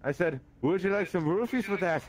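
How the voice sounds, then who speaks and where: A man's voice: high-pitched, lively intonation, a little fast, faint music behind. A man doing a bumbling leprechaun comic. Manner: stumbling, repeats himself, swears. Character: crude male leprechaun stand-up comic, bumbling.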